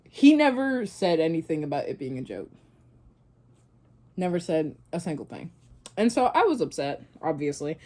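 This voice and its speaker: A woman's voice: medium pitch, warm tone. A young woman vlogger casually retelling a story and reacting, rambling with many fillers and restarts.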